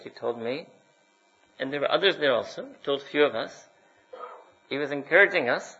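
A man's voice: medium pitch, creaky, fairly bright tone, husky. A man preaching a sermon as a mufti, scolding his listeners with rhetorical questions and frequent "hmm?". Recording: dull lo-fi recording.

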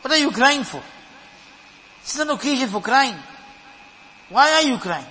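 A man's voice: very high-pitched, animated, normal speed, bright, forceful tone, long reverb tail, heavily acted. A man in a sermon voicing a sinful man who is shaken by remorse, speaking in a self-reproaching way. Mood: remorseful.

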